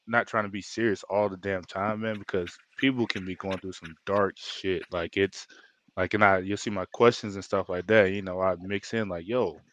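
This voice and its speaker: A man's voice: low-pitched, fairly even intonation, moderate pace, fairly bright tone, no echo. A man co-hosting a casual podcast chat, telling stories in a loose, rambling way full of filler words. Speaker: podcast co-host.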